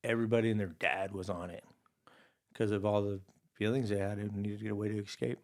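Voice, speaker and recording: A man's voice: fairly low pitch, steady tone, quick pace. Laid-back storytelling man from Hawaii. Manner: laid-back, rambling, peppered with "dude" and "you know". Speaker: podcast guest. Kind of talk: casual storytelling conversation.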